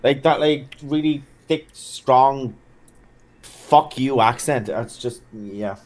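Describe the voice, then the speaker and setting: A man's voice: mid-range voice, takes it slowly. A man chatting as a guest on a stream, blunt and swearing often, full of "like". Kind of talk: casual chat.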